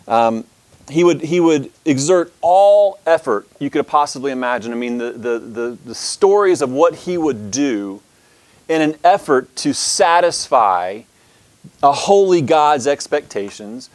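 A man's voice: medium pitch, lively intonation, a little mellow, no echo. Guy teaching a history class, lots of ums and restarts, dry sound. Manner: halting, many restarts and fillers, reads passages aloud. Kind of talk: church history lesson.

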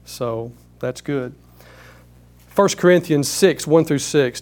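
A man's voice: on the high side, slow, long pauses. A man leading a Bible study, teaching emphatically with rhetorical questions.

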